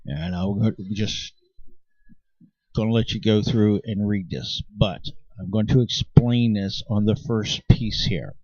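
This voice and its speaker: A man's voice: lowish voice, slow, a little mellow, no echo. A man delivering an impassioned, insistent monologue to his viewers, often restarting his sentences. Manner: emphatic and insistent, with frequent restarts. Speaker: channel host. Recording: dry, dull lo-fi sound.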